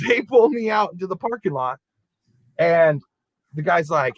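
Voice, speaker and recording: A man, a podcast co-host, telling a story in a casual, animated way and acting out the people in it. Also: fairly high pitch, normal speed, no room sound, poor audio. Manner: animated, acts out quoted voices.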